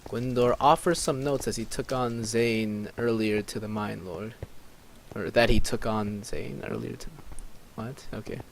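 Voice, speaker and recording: A man's voice: lowish voice, fairly even intonation, unhurried, creaky, slight background noise. A man casually narrating a roleplay game as a let's play host, reading out chat with frequent chuckles. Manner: laid-back, chuckling, reads out chat.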